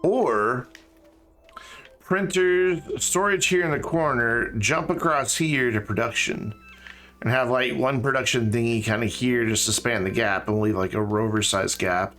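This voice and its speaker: A man's voice: mid-range voice, unhurried, fairly bright tone, faint music behind. A man chatting casually while he streams a game, joking and talking to objects in it. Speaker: live streamer. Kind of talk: casual gameplay stream chat.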